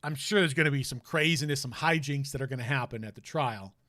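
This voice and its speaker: A man's voice: medium pitch, fast talker, pushed and bright, no room sound, clean studio sound. A man streaming a game, chatting casually and rambling with jokey asides. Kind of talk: casual let's-play commentary.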